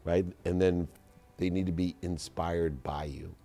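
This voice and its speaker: A deep, warm-toned man speaks in a relaxed podcast conversation. He tells stories and leans on his advice by slowing down and stressing each point. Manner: storytelling, slows down to stress advice. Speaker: guest entrepreneur.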